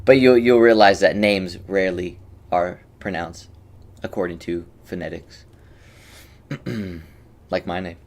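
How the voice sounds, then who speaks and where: A man's voice: sits low, a little slow, pauses often. A young man streaming and coaching a game, chatting casually with his viewers, rambling and joking as he greets them by name. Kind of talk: casual livestream chat.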